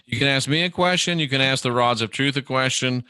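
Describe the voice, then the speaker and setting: A man's voice: medium pitch, a little fast, pushed and bright, a little hiss or hum. A man hosting a casual livestream, reading viewer questions aloud and answering them by name in a rambling, chatty way.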